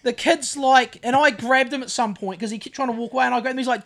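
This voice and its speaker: In a casual chat, a podcast co-host from New Zealand who is recovering from covid tells a story a little fast in a very high voice. He curses freely and acts out what he said, a profane and animated storyteller.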